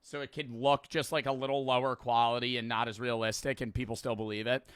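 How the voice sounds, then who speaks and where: A man's voice: medium pitch, flat delivery, fast, fairly bright tone, clean tone. A man giving casual reaction commentary, blunt and profane, mocking what he watches.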